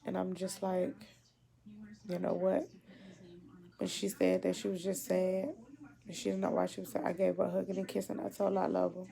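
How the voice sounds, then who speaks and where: Woman, gravelly, mellow and dark, emotional, halting, repeats herself, video diary. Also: lowish voice, flat delivery. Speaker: mother.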